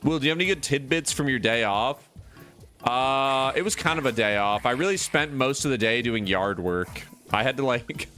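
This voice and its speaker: A man's voice: mid-range voice, expressive, normal speed, sharp tone. A man in the middle of his range rambles through a story while he plays a game, dropping curse words and fillers as he goes. It is loose, unscripted streamer chat, with faint game music underneath. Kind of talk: casual chat while playing a video game.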